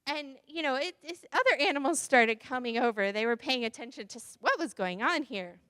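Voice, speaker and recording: A woman's voice: high voice, expressive, fairly quick, pushed and bright, no echo, clean studio sound. A woman minister telling a playful children's story during a church service. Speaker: interim minister. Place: church sanctuary.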